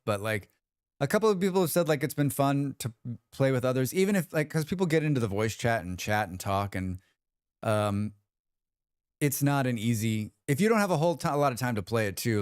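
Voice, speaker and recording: Lively, smooth-voiced man chatting on stream. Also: medium pitch, dry recording, studio quality. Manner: animated storyteller who acts out quotes and swears freely. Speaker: livestream host. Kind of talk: casual livestream chat with viewers.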